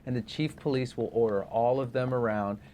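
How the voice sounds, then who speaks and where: A man co-hosting a casual movie podcast, animated and comic, laughing often. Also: medium pitch, fairly quick, a little hiss or hum. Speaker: podcast co-host. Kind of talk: casual movie review chat.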